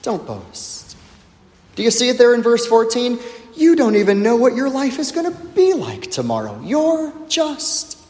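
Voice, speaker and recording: A male pastor preaching a sermon, emphatic, with big swings in pitch and loudness. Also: very animated, normal speed. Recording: echoey hall with long reverb.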